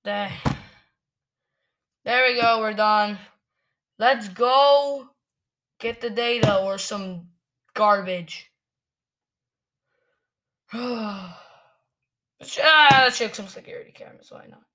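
A woman gamer giving angry, cursing commentary while she plays, ranting and shouting at other players. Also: fairly high pitch, takes it slowly, long pauses.

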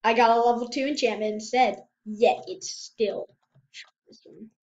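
Woman gamer narrating play, high voice, jumpy and exclamatory, dull home mic. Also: unhurried. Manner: excitable, exclaims and repeats herself. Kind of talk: casual gameplay commentary.

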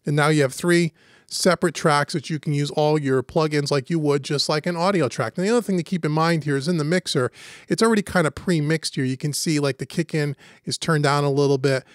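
A man with a fairly high voice walks through a software tutorial step by step, in a relaxed, conversational way. His voice is close and dry, with no room sound around it. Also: a little fast, dry recording. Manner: casual, step-by-step walkthrough. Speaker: host and instructor. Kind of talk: screen-recorded software tutorial.

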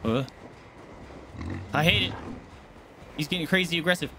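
A man streaming a game and commenting live, excitable, yelping and swearing as he plays. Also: on the high side, normal speed, background noise. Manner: excitable, yelps and swears mid-fight. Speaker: gaming streamer.

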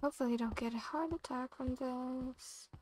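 A woman's voice: high-pitched, moderate pace, darkish tone, slight background noise, low-quality recording. Nervous young woman playing a horror game. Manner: nervous, talks to herself in short anxious questions. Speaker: gamer.

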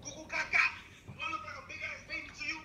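A man's voice: extremely high pitch, little pitch movement, quick pace, very noisy. A man with a strong accent, arguing angrily on a phone call, heated and accusing, repeating himself. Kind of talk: angry phone argument. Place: heard over speakerphone in a room. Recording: echoey speakerphone playback.

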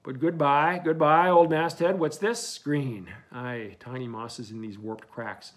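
A man's voice: medium pitch, fairly even intonation, a little slow, natural voice. A man reading an old one-legged whaling captain's lines in a brooding, solemn audiobook delivery.

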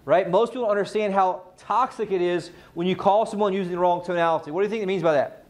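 A man teaching a live sales training class, firing questions at the room and answering them himself. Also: high voice. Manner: energetic, quizzes the audience, rapid questions.

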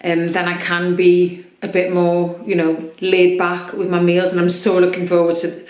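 A woman's voice: fairly low pitch, monotone, normal speed, a little mellow. Chatty woman vlogger, echoey room. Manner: open, chatty, many fillers. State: slightly irritated throat. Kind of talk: personal vlog chat.

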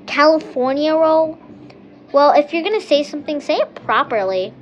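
A woman's voice: sits high, big pitch swings, fast, highs cut off, a little hiss or hum, voice pushed up. A woman playing a whiny spoiled rich girl. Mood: snooty. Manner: whiny, valley-girl "like", frequent groans. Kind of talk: game role-play voiceover.

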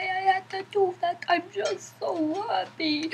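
A woman's voice: very high-pitched, steady tone, takes it slowly, gravelly, few pauses, a little hiss or hum, low-quality recording. A woman giving casual let's-play commentary, chatting to herself in a playful, giggly way. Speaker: gameplay commentator.

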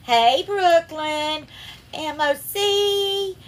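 Drawing out her words in a very high voice, a Southern-accented woman hosts a relaxed cooking livestream, naming viewers as she greets them and calling them sweetheart and darling.

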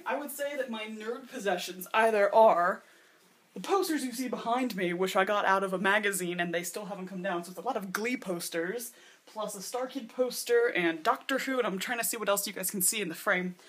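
A young woman in her twenties chats straight to her camera from her bedroom. Her talk is rambling and loose, full of asides and filler words. Her voice sits at a middle pitch for a woman. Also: fairly bright tone, breathy edge. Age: 20s. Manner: chatty, rambling, lots of "like" and acted-out quotes. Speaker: vlogger. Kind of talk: casual vlog chat. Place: bedroom with posters.

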